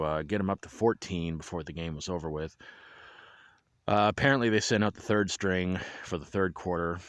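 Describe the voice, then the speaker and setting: A man's voice: low voice, no echo. A man casually recapping a football game for his viewers outdoors in the wind, chatty and full of restarts and wry asides. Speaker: vlogger recapping a high school football game. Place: outdoors at a stadium, windy.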